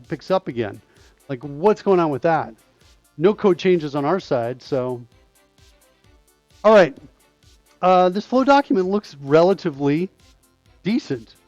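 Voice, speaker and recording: On a live-coding stream, a middle-aged host mutters through his code and keeps questioning his own choices. He has a fairly high, slightly mellow voice, and the dry recording comes across dull and a bit lo-fi.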